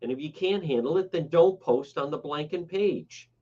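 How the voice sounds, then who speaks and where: A man's voice: fairly high pitch, normal speed, dark tone. A man hosting a radio talk show, delivering a blunt, sarcastic and scolding monologue from the studio. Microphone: studio broadcast mic. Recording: muffled radio broadcast audio.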